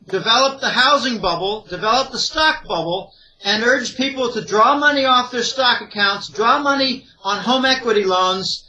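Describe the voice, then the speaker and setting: Speaking in a very high, bright and forceful voice over a rough recording, a Greater Pittsburgh economic analyst gives an interview. He hammers home warnings again and again, clearly opinionated.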